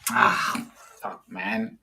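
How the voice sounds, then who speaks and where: A man ranting casually as he watches a football match live, exasperated by the play and shouting at the players and the referee. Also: very slow. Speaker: football fan streamer. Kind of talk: live watch-along commentary.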